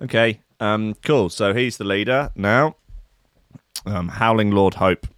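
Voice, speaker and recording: A man's voice: lowish voice, takes it slowly, a bit bright, clear, resonant tone, dry recording, clean studio sound. A man hosting a radio show, chatting casually and reading aloud with lots of hesitation. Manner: rambling, hesitant with many fillers.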